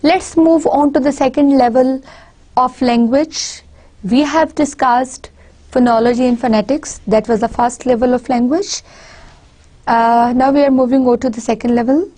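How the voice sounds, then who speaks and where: A woman's voice: high-pitched, steady tone, normal speed, warm tone. A woman with a Pakistani accent giving a university lecture, explaining step by step with spoken examples and frequent restarts.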